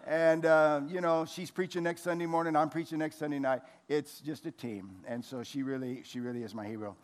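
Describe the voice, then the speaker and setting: An American man in his sixties preaches in a church hall, mixing a lively sermon with homespun jokes. His speaking voice sits a little higher than most men's. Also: brisk. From United States. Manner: folksy, joking, lively preacher. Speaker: pastor.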